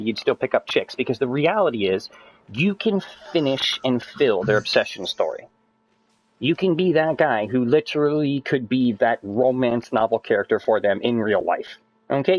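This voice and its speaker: A man chatting with friends while he plays a game on stream. He lectures them and swears a lot, and his voice climbs higher as he gets worked up. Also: muffled recording. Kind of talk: casual chat with friends while gaming.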